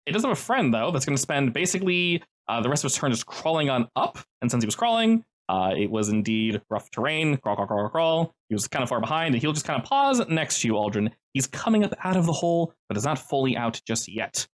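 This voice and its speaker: A game master runs tabletop combat with jokey asides and a playful streak, the pitch swinging widely from line to line. The voice sits at a middle pitch, and the narration never settles into a flat drone. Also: fast talker, few pauses.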